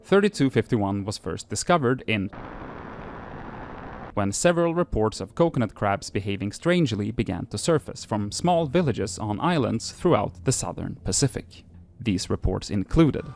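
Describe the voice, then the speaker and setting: A man's voice: lowish voice, gravelly. A man hosting a show, reading archive entries aloud and breaking off into casual, self-deprecating asides full of fillers.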